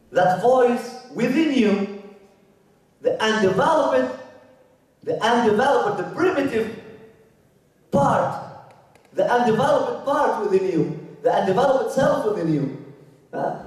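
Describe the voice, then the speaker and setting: A man giving a spiritual lecture, emphatic, repeating his phrases and dropping from loud to hushed. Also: high-pitched. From Canada. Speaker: religious lecturer. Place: lecture hall. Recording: echoey hall, voice from far off.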